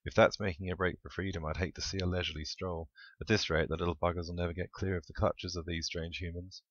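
A man's voice: low-pitched, flat delivery, quick pace, dull audio. A man voicing a sarcastic, easily irritated male sheepdog.

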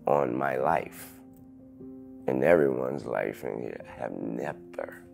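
A man in his thirties, an interview guest telling a painful personal story in halting sentences full of restarts. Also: very deep voice, vocal fry, soft background music. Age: 30s. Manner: halting, restarts sentences, loud when quoting others.

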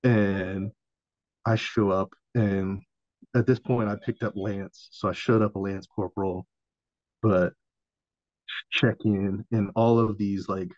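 A man's voice: on the low side, steady tone, slow pace, long pauses, a little mellow, no echo. A man in his thirties, a podcast guest and former Marine, telling a story in a laid-back, profane, casual way. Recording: dull lo-fi audio.

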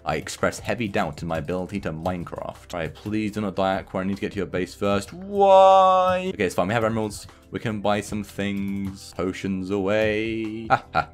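A man giving sarcastic, self-mocking commentary over his own gameplay as a video host. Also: low-pitched. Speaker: gaming YouTuber.

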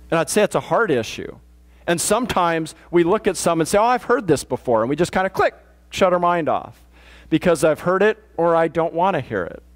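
A pastor delivering a conversational sermon in a plain-spoken, matter-of-fact way, often restarting his sentences. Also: high-pitched. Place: church.

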